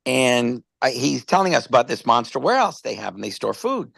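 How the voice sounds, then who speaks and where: A man's voice: medium pitch, very animated, fairly quick, gravelly, fairly bright tone, slightly rough, no echo. A man casually presenting a product on a live stream, rambling through stories and stumbling over repeated words.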